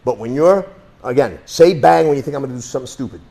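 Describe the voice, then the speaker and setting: A male self-defense instructor walks his students through a demonstration in a blunt, streetwise way, swearing casually as he explains each move. His voice sits at an ordinary middle pitch. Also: lively intonation, fast, gravelly, warm tone. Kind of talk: hands-on demonstration lesson.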